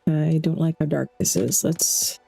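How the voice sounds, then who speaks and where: Mellow-voiced woman streaming a game. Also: deep voice, unhurried, vocal fry, breathy edge, soft background music. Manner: chatty, thinks aloud while playing. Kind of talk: casual let's-play commentary.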